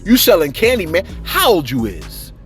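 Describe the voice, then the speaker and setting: With soft music playing behind him, a man gossips about celebrities at a normal pace. His commentary is casual and full of slang, and his voice swings emphatically up and down for effect.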